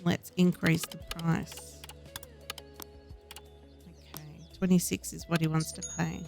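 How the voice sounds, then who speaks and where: Woman gamer chatting thru gameplay, slow and gravelly, some music under her. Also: on the low side, level tone. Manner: reads game dialogue aloud in her own voice. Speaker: gaming host. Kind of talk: casual gameplay commentary.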